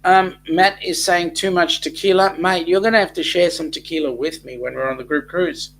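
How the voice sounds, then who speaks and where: A chatty man hosting a live stream and reading viewer comments aloud, full of ums and restarts. His voice sits a little high for a man. A faint hum runs under the recording. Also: steady tone, normal speed, fairly bright tone, low-quality recording. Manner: rambling, with many ums and restarts. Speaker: host of a live chat show.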